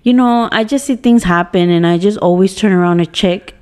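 A woman in her thirties, co-hosting a casual podcast, tells a story with animated energy, slips into Spanish and laughs and swears often. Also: medium pitch, a little fast. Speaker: podcast co-host. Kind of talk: casual chat.

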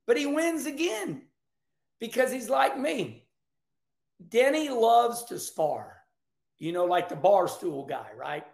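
Gravelly, animated man hosting a talk show. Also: very high-pitched, slow pace, long pauses. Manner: animated, folksy, loud outbursts. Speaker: show host. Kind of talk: casual racing talk show monologue. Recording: echoey room.

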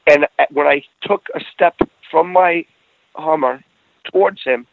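Gravelly man on a tinny line. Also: on the high side, unhurried, no echo. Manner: earnest storyteller who restarts phrases and grows emotional. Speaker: guest telling a personal story. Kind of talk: casual conversation.

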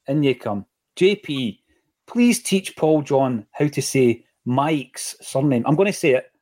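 A middle-aged Scottish man hosting a football podcast, chatting in a casual, opinionated way with quick asides. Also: mid-range voice, lively intonation, darkish tone. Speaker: podcast host.

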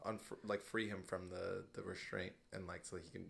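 A man's voice: sits low, level tone, moderate pace, creaky, a bit bright. A man co-hosting a casual podcast, retelling cartoon scenes with a laugh and playful voices. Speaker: podcast co-host. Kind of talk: casual chat.

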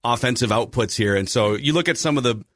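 A man's voice: medium pitch, lively intonation, quick pace, fairly bright tone. A man hosting a casual sports podcast, chatty and analytical. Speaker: podcast host.

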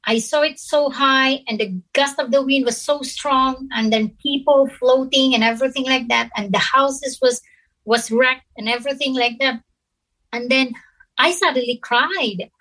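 Woman guest, a bit high-pitched, tells her story haltingly and earnestly. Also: bright, forceful tone, low-quality recording. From Philippines. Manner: halting, earnest, with frequent pauses and restarts. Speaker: interview guest. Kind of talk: personal storytelling.

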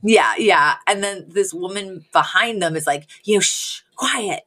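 A woman co-hosting a podcast, recapping a sitcom episode in casual chat, animated and laughing often. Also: medium pitch, normal speed.

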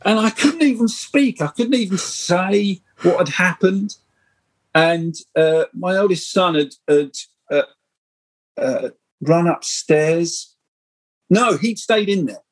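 A middle-aged man telling animated, rambling stories as a guest in a casual podcast interview. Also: high voice, slow pace, poor audio. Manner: animated, rambling anecdotal storytelling. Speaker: guest screenwriter.

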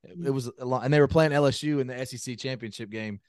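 A man's voice: medium pitch, racing, dry recording. Dry-sounding joking male co-host. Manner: storytelling, jokey, animated asides. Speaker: podcast co-host. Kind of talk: casual podcast chat.

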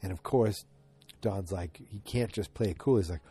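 Sleepy deep-voiced man rambling through a recap. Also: normal speed, mellow, slightly rough, soft background music. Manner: rambling, chatty, full of asides. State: sleepy, yawning. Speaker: podcast host recapping a TV episode. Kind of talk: casual spoken recap. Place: at home in front of the TV.

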